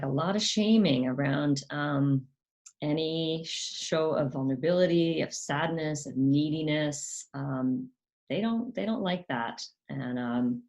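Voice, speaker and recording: A woman's voice: sits low, a little mellow. A woman hosting her own channel, talking casually and hesitantly with many fillers, sometimes putting on a mocking voice to quote others. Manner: acts out quoted parents in a raised, mocking voice. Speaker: channel host. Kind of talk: casual talk to camera.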